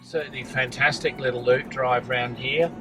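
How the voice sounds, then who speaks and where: A man's voice: medium pitch, steady tone, moderate pace, far from the mic, over music, low-quality recording. A man casually commenting on a park as he drives through it, easygoing and enthusiastic. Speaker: travel vlogger. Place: car, driving.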